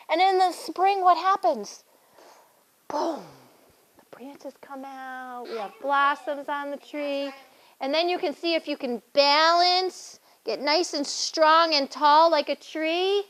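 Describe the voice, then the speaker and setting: High, encouraging woman yoga teacher. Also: measured pace, fairly bright tone, poor audio. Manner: encouraging, playful, sing-song praise. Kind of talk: guiding a kids' yoga class.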